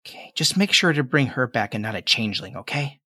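A man's voice: mid-range voice, big pitch swings, quick pace, bright, forceful tone, full character voice. A man voicing a nervous, earnest boy of about ten in a tabletop game, talking in a solemn, chatty, hesitant way. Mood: worried.

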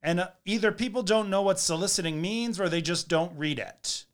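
A man's voice: high voice, fairly quick. A man hosting a podcast in casual, playful chat with his husband. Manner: chatty, playful, animated. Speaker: podcast host.

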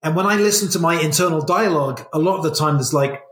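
This middle-aged man, a guest in a casual interview, talks fast in a fairly high, fairly bright voice. He tells stories in a reflective way, and the recording sounds echoey.

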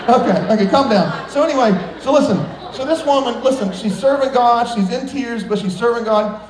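Male pastor preaching, high bright-toned voice, joking between earnest points, big echoing church hall. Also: a little slow, a crowd in the background. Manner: playful, joking asides between earnest exhortations. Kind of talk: sermon. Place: large church sanctuary.

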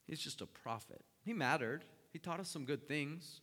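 Man, pastor, sermon, bright forceful voice, dramatic storytelling, long hall echo. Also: fairly high pitch, moderate pace. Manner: animated storytelling with swings from hushed to loud.

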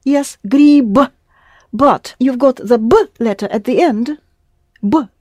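A woman's voice: on the high side, a little slow, a little mellow, no echo. Patient woman teacher. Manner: patient, explanatory, prompting the student with questions. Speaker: Russian language teacher. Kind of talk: one-on-one language lesson.

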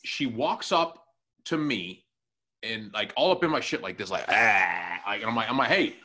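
Profane, animated storytelling man. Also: medium pitch, moderate pace. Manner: profane, animated anecdote telling with acted-out quotes. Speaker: podcast co-host and new tech guy. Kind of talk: casual chat, storytelling.

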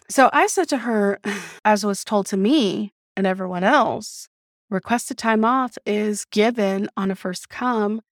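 Woman podcast host, casual storytelling, animated, cusses freely, dry close sound. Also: mid-range voice, no room sound. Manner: animated, swears freely, vents with laughter.

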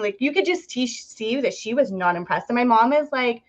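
A young woman talks as a podcast guest, her voice sitting a little high. She tells her story in a chatty, animated way, full of "like" and little acted-out quotes. The audio sounds slightly dull and lo-fi. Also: brisk. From Ontario, Canada. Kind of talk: casual storytelling interview.

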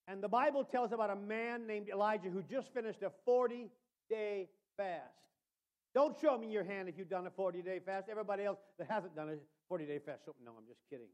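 Man preaching a sermon, very high voice, hushed asides, shouted peaks, calls listeners brother. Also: a little fast. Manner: swings between quiet asides and shouted emphasis; addresses listeners by name as brother.

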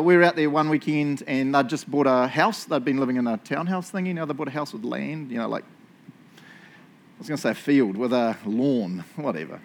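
A middle-aged man with a New Zealand accent, preaching a sermon in a casual, self-mocking storytelling way. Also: mid-range voice. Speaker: pastor.

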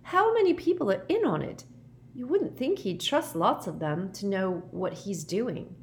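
A woman's voice: mid-range voice, big pitch swings, measured pace, a little hiss or hum, voice pushed up. A woman voicing a clever, careful teenage girl witch who explains things step by step. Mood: thoughtful. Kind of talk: audiobook character voice.

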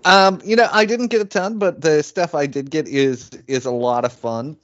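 A man co-hosting a casual podcast chat, easygoing and self-deprecating, with halting restarts. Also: fairly high pitch, fairly bright tone, highs cut off. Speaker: podcast co-host. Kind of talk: casual chat about toy purchases.

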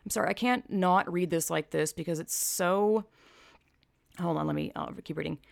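Gravelly blunt woman commentator. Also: fairly low pitch, normal speed, dry recording, clean studio sound. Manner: blunt, sarcastic, profane. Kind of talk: opinion vlog commentary.

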